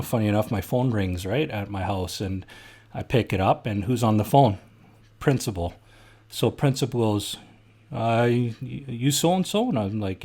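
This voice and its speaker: Guy hosting a podcast, kinda low voice, blunt and fired up, swears a lot. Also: a little mellow. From Canada. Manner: blunt, heated, swears freely. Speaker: podcast host. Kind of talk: casual storytelling chat.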